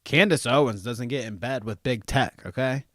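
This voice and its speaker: A man's voice: mid-range voice, normal speed, no room sound, clean studio sound. A man with a Southern US accent hosting a morning show, swearing and joking as he reacts to a clip. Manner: joking, rambling, laughs often and swears freely. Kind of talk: profane reaction commentary on a clip.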